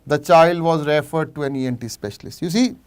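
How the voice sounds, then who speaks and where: A middle-aged Indian man teaches a live online medical revision class in a clear, resonant voice pitched a little high. He reads cases aloud, answers students from the chat by name, and slips into Hindi for quick asides. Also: darkish tone. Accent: Indian English. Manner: explains cases while reading out viewers' chat answers.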